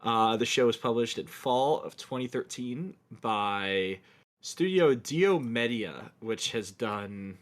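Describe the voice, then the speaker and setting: A man's voice: mid-range voice, lively intonation, slow pace. A man co-hosting a podcast panel, teasing with dry sarcasm. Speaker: podcast co-host. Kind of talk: casual panel discussion.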